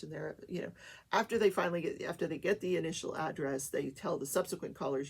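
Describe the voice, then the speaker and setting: A woman's voice: lowish voice, brisk, vocal fry, slightly rough. An older woman hosting a talk show, chatting casually through a trial recap with many fillers.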